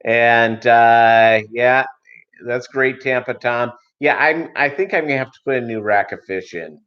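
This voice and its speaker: A man's voice: mid-range voice, a little slow. A middle-aged man hosting a fish-keeping livestream, chatting and telling stories in a rambling, joking way with lots of fillers. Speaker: aquarium livestream host. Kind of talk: casual livestream chat and storytelling. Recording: slightly dull lo-fi stream audio.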